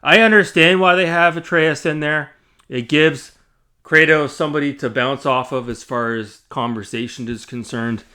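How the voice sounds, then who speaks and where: A man's voice: a little high, steady tone, normal speed, bright, forceful tone, clean tone. A man giving an opinionated, blunt spoken game review, with many fillers and restarts. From Canada.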